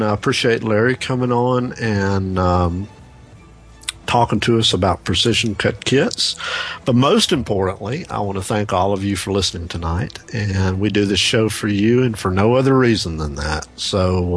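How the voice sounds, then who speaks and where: Man, radio show host, low voice, relaxed rambling chat. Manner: relaxed, rambling with many repeated words.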